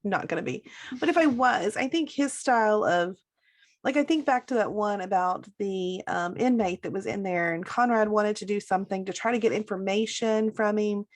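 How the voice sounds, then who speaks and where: A woman with kids chats casually on a podcast about her favorite TV characters. Her voice is mid-pitched, and she agrees readily with her co-host. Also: moderate pace. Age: adult with children. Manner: agreeable, backchannels a lot.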